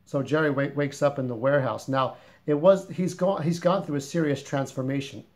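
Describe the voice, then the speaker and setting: A man's voice: medium pitch, fairly quick, a little mellow. A man who writes fiction, casually summarizing the plot of his own story in a rambling, informal, plain-spoken way.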